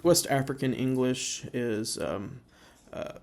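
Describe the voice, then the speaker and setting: A man giving an informal slideshow presentation, halting with many fillers and slowing down to sound out example words. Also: mid-range voice, darkish tone.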